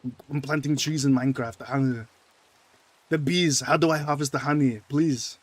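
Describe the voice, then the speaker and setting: A man doing a booming gruff action-hero strongman. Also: steady tone, moderate pace, no echo, close to an everyday voice. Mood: pleading. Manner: loud, grunting, exaggerated celebrity impression.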